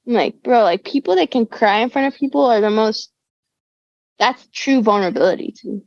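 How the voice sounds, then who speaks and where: A young female musician with a fairly high, darkish voice talks a little fast as a guest in a casual conversational interview. Her laid-back, slangy talk includes "dude" and "bro," and the remote-call audio is dull, dry, and lo-fi.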